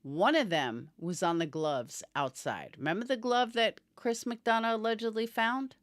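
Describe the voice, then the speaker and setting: A woman's voice: mid-range voice, normal speed, no room sound. A woman giving opinionated casual commentary on a true crime case, answering viewers by name and yawning as she talks. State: yawning, tired. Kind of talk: casual live-stream commentary.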